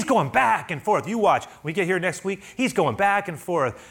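A middle-aged man preaching a sermon as pastor, earnest, moving from hushed lines to loud pleading ones. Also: high-pitched, expressive, normal speed, few pauses, breathy edge.

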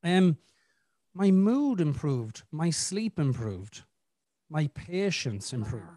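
A man talks candidly as a podcast host, swearing freely as he tells his story. His pitch sits a little high and moves a lot. The sound is dry and close. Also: very animated, slow pace, dark tone, dry recording. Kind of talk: casual conversation.

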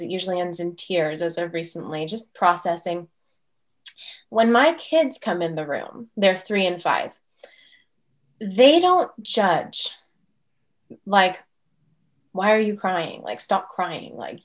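A woman, perhaps in her thirties, interviewing on a podcast in a chatty, searching way, with trailing questions. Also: medium pitch. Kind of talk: casual conversation.

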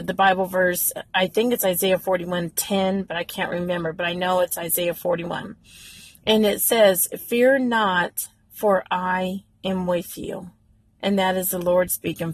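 A woman's voice: medium pitch, dry recording. A woman giving an earnest, encouraging devotional talk from inside her parked car, with many fillers. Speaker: devotional speaker.

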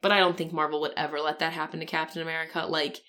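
Bright, lower-voiced woman chatting movies. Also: flat delivery, very fast. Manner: chatty, lots of "like" fillers. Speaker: podcast co-host. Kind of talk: casual movie chat.

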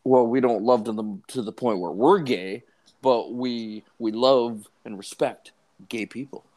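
A man, co-hosting a podcast with relaxed, swearing banter. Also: medium pitch, measured pace. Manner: laid-back, nostalgic banter with swearing. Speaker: podcast co-host. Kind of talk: casual podcast chat.

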